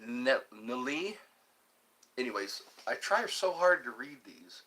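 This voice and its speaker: A man's voice: mid-range voice, expressive, slow pace, sharp tone, slightly rough. An older man hosting a casual livestream, reading viewer comments aloud and playing along with them. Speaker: livestream host.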